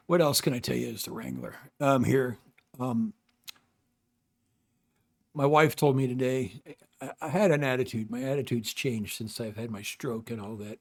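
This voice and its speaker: An older man from North America hosting his own channel, giving rambling, halting advice in casual talk with many fillers and restarts. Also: mid-range voice. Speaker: channel host.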